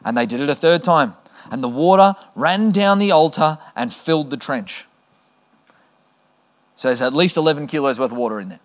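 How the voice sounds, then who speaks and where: A man's voice: fairly high pitch, fairly bright tone. A male preacher reading scripture aloud in a sermon, with casual joking asides to the congregation.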